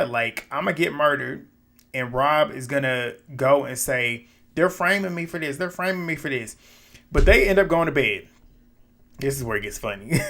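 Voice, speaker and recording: A man giving a casual, animated recap of a reality show, acting out what people said and adding his own quoted reactions. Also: mid-range voice, vocal fry. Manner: animated, retells scenes with quoted asides and laughs. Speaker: recap commentator.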